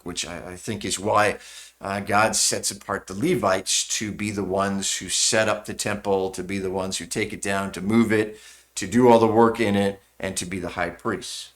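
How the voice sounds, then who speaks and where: A pastor giving a sermon, retelling a story vividly and conversationally, with frequent "uh" fillers. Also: male voice, fairly low pitch, fairly even intonation, moderate pace, a bit bright.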